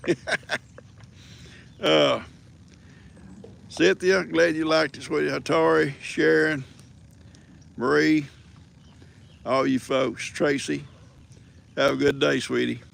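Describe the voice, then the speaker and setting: Older man, gravelly, slightly high voice, folksy teasing host. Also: fairly even intonation, unhurried, pauses often, a bit bright. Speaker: livestream host. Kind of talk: casual rambling storytelling.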